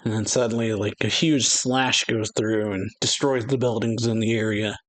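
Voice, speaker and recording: A man's voice: lowish voice, steady tone, normal speed, no echo. A man hosting a casual manga reaction, recapping in a loose, chatty way with lots of fillers. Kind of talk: casual manga read-through.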